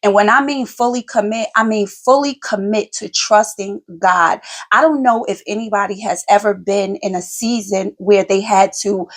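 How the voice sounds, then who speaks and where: Woman in her forties, podcast host, casual storytelling, emphatic and colloquial, quick delivery. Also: medium pitch.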